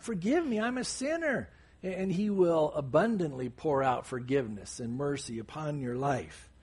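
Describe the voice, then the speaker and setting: A male preacher teaching a sermon with a lively, rising and falling voice that has a husky grain. He keeps it conversational, tossing in casual asides between points, and sits a bit higher than most men.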